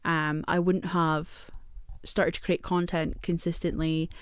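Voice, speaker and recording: A woman's voice: on the low side, level tone, slow, clean tone, no echo, clean studio sound. A young woman in her twenties with a British accent, rambling and joking about herself in a casual home vlog, swearing freely. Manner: rambling and self-deprecating, swears often, laughs a lot. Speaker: vlogger. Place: at home in a small room.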